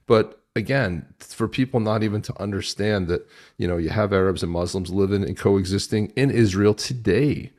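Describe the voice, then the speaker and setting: Low-voiced indignant podcast man. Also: moderate pace. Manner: animated, indignant, stumbles over words. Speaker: podcast host. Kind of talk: casual chat.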